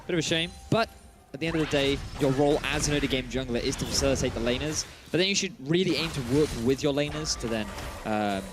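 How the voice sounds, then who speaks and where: A man with a Welsh accent, co-casting a video game match with relaxed, explanatory analysis and jokes. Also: mid-range voice, fast talker, over music. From Wales. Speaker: esports co-caster. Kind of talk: esports analysis commentary.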